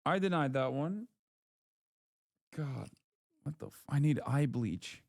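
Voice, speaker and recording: A man's voice: fairly high pitch, animated, takes it slowly, vocal fry, no room sound, clean studio sound. A man streaming casually, reading ban appeals from chat with a sardonic, mocking manner. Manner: sardonic, reads chat messages aloud in mocking voices.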